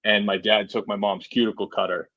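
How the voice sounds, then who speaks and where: A man's voice: on the low side, little pitch movement, brisk, sharp tone, no echo, lo-fi sound. A man in his forties from Massachusetts, a podcast guest telling stories in a rambling, casual way with lots of "you know" and "right?". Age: 40s. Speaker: podcast guest, truck driver. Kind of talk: casual storytelling.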